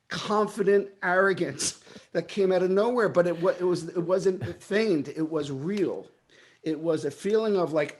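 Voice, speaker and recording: Animated New York man telling stories. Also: sits high, measured pace. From Brooklyn, New York. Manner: animated, acts out his own past dialogue. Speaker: guest. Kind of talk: storytelling in a casual interview.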